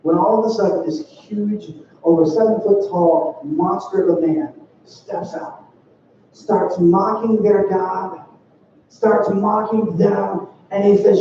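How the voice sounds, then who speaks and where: High-voiced young man preaching in a church. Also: takes it slowly, a little hiss or hum. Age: young adult. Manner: animated storytelling with playful acted quotes. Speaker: youth speaker. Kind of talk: sermon. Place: church sanctuary. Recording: dull, distant, roomy church sound.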